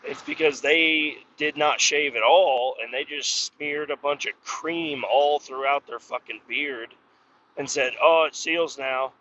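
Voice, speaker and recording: Exasperated, cursing man, podcast host talking alone while driving; forceful tone, muffled lo-fi in-car sound. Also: a little high, fairly even intonation, unhurried, a little hiss or hum. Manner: profane, exasperated griping. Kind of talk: casual solo rant.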